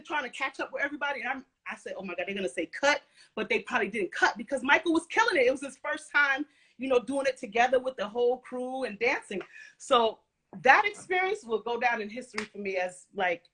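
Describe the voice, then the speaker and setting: Bright-voiced woman telling animated stories. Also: sits high, a little fast. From Caribbean and Central American family background. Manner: animated storytelling, laughs often, casual slang. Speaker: guest, former music video dancer. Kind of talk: casual interview chat.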